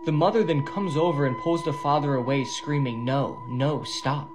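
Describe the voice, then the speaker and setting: A man recounting a viral video step by step in a steady, matter-of-fact way. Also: on the high side, normal speed, over music. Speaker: video narrator.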